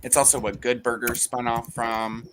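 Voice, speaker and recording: A woman's voice: normal speed, slight background noise. A woman hosting a casual group video chat, laughing often as she talks. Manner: giggly, laughs often, lively pitch. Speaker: livestream host.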